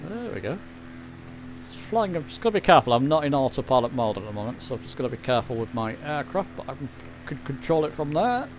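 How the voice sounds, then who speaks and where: A flight sim streamer from England speaks quickly in a mid-range voice with big pitch swings, some slight background noise behind him. With his English accent, he chats casually while flying, poking fun at himself and responding to his chat.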